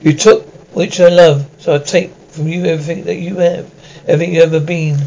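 A man's voice: fairly high pitch, steady tone, fairly quick, darkish tone, lo-fi sound, lightly acted. A man voicing a vengeful ancient vampire lord who gives cold, menacing commands.

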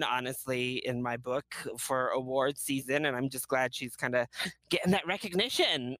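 A man's voice: medium pitch, pushed and bright, no room sound, rough recording. A man co-hosting a casual movie review podcast, enthusiastic and full of fillers. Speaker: podcast co-host.

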